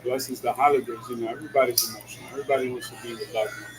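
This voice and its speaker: A man's voice: medium pitch, steady tone, rapid-fire, low-quality recording. A man in a casual monologue, slangy and full of "yo", laughing often as he talks while driving. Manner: slangy, peppered with "yo" and "you know what I'm saying"; laughs often between lines. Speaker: vlogger. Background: music.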